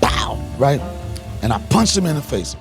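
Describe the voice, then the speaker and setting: A man from the Washington, D.C. area hosting a podcast, telling a comic story with loud punchlines and bursts of laughter. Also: mid-range voice, big pitch swings, normal speed, music in the background. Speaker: podcast host, comedian.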